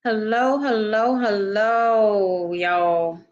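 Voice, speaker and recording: An older woman hosts a casual livestream. She talks slowly and chats to viewers, greeting each by name. Her voice is a little froggy and hoarse, and the lo-fi stream audio sounds dull. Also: medium pitch, steady tone. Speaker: livestream host.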